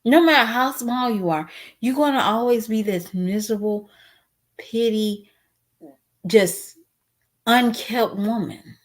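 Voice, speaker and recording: A woman with a fairly high voice speaks slowly, pausing often. She's vlogging casual commentary straight to viewers, frank and emotional, sometimes on the verge of tears with a cracking voice.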